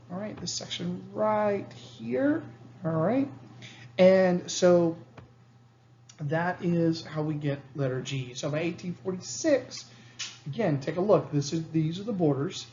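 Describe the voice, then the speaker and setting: A man with a slightly high, slightly mellow voice teaches history in a recorded lecture. He's casual, often checks in with students, and acts out quotes. The lo-fi recording is slightly dull with a little hiss or hum.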